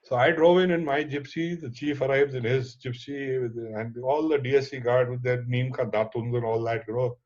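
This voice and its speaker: A middle-aged man with an Indian accent, a documentary filmmaker telling a lively story in conversation and mixing in Hindi words and casual swearing. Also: medium pitch, fairly quick, hardly any pauses. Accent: Indian English. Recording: dull lo-fi audio.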